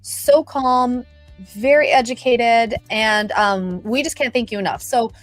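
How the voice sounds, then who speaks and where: A woman's voice: a little high, measured pace, no room sound, faint music behind. A middle-aged woman hosting a casual livestream, chatty and bubbly, greeting viewers by name. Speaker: livestream host.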